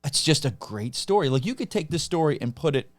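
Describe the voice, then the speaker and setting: A man's voice: fairly high pitch, sing-song, a little fast. A man co-hosting a casual chat, conversational and often chiming in to agree. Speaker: podcast co-host.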